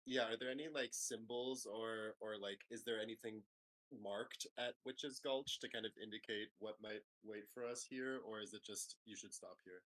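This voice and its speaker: A man's voice: fairly low pitch, steady tone, normal speed, fairly bright tone, low-quality recording. A man playing a tabletop game, rambling as he describes his character. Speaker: player. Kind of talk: tabletop role-play narration.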